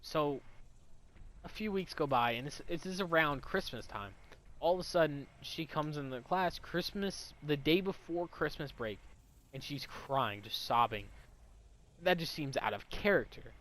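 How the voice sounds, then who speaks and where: A man's voice: a little high, a little slow, a bit bright. A young adult man telling a personal story in a casual, rambling, heavily profane way.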